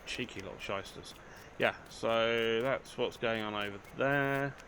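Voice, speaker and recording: A man's voice: mid-range voice, unhurried, a bit bright, a little hiss or hum. An older man, chatting casually through a let's play, joking at his own expense. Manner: chatty, self-mocking, dry humour, talks to game characters. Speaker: gaming channel host.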